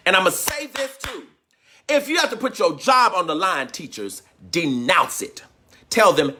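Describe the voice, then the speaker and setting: A man's voice: fairly high pitch, huge pitch swings, normal speed, bright, forceful tone, slightly rough. A man hosting a livestream as a teacher, talking in a fervent, preaching style, repeating his phrases and calling out viewers by name.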